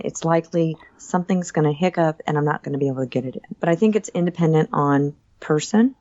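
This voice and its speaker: A middle-aged woman yoga instructor answering podcast questions, explaining breathing slowly and calmly, step by step. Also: deep voice, no echo, lo-fi sound.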